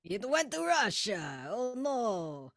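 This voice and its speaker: Slow-talking giggly woman player. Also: medium pitch, big pitch swings, no room sound, clean studio sound. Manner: giggly, rambling, lots of filler. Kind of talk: casual tabletop game chat.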